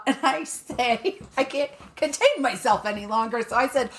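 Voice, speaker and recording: A woman's voice: sits high, lively intonation, moderate pace, few pauses. A woman co-hosting a podcast, telling a story in casual chat, swearing freely and laughing often. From Colorado, USA. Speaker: podcast co-host.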